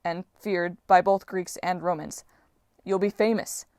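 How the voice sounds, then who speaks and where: A woman voicing a quick-witted teenage male demigod hero who talks in a persuasive, fast-talking way, reading an audiobook. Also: fairly low pitch, fairly even intonation, a little mellow, dry recording, clean studio sound.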